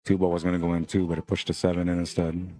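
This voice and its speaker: A man's voice: sits low, completely flat delivery, fast talker, mellow. A man commenting live on a pool match for a stream, chatty and greeting viewers by name between shots.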